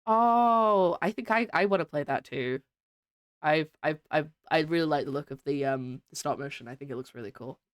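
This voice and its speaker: A woman variety streamer chats casually with her viewers while gaming, welcoming them and laughing often. She has a low voice and talks fairly quickly, in a dry, clean studio recording.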